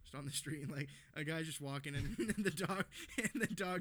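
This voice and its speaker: A man's voice: on the high side, normal speed, hardly any pauses, a bit bright, dry recording. A young man co-hosting a podcast, rambling and swearing with lots of laughs in casual chat. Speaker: podcast co-host.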